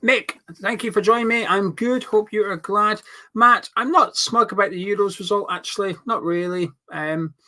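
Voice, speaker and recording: A man who is not from England hosts a live watch-along stream for a fan channel, chatting casually and reading viewer comments aloud. His voice sits high and sounds pushed and bright.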